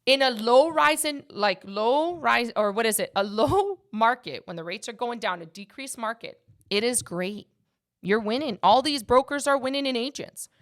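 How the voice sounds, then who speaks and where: A woman's voice: a little high, animated, moderate pace. A woman hosting a casual podcast as a mortgage agent, talking with emphatic passion and speaking straight to her listeners.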